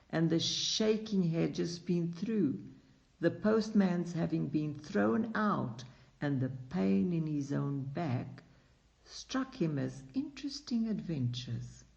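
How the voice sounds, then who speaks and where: Slow gravelly male storyteller. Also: high-pitched, a little mellow. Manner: slow, unhurried reading with acted dialogue. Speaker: narrator. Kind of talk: audiobook narration. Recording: dull lo-fi recording.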